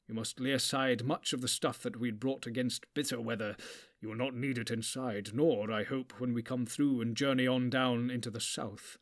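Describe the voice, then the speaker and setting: A commanding old wizard, as a male narrator puts him on. He speaks slowly and with weight. It is a storybook reading. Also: medium pitch, steady tone, lightly acted. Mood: grave. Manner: slow, weighty, deliberate. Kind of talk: audiobook character voice.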